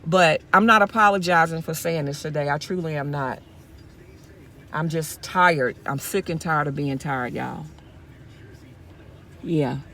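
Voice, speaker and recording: A woman's voice: sits low, a little slow, pauses often, sharp tone, a little hiss or hum. A woman from Mississippi, talking straight to her viewers in a casual vlog, impassioned and repeating herself as she goes, speaking from her car. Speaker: YouTube vlogger.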